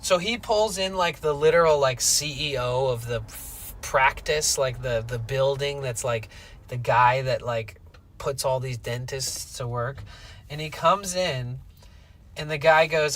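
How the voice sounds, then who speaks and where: A man in his thirties vlogging outdoors on a hike, telling a long story in a casual, animated way and swearing freely. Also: mid-range voice, slight background noise, poor audio. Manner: animated, swears freely, quotes people in rapid bursts. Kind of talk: casual storytelling while hiking. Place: outdoors on a coastal trail.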